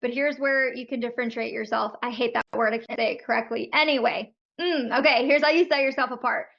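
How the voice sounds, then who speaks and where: High-voiced woman coaching over video call. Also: steady tone, brisk, gravelly, muffled recording. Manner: friendly, frank and chatty. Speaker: business coach for photographers.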